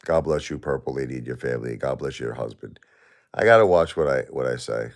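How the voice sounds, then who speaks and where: A middle-aged man live-streaming while grieving, talking to his chat in halting, repetitive, emotional bursts. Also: very deep voice, lively intonation, vocal fry.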